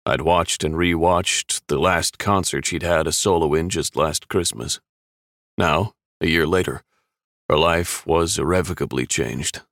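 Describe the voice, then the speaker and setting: A man reading a first-person story aloud in a steady, measured way. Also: extremely low pitch, creaky, dry recording, clean studio sound. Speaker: audiobook narrator.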